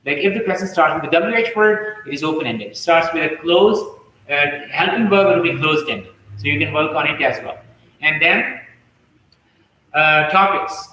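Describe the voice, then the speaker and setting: A man's voice: on the high side, bright, forceful tone, slight background noise. Man teaching English in an echoey room. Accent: Pakistani English. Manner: slow, drawn-out word examples. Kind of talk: spoken lesson on speaking strategies.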